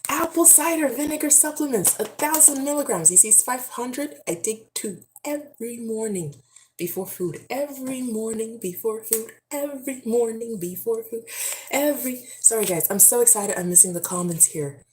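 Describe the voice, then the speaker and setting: A woman vlogger chatting casually on a livestream, reading comments aloud. She talks in an effusive, excitable way, with bursts of prayerful praise. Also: fairly high pitch, normal speed, a little hiss or hum.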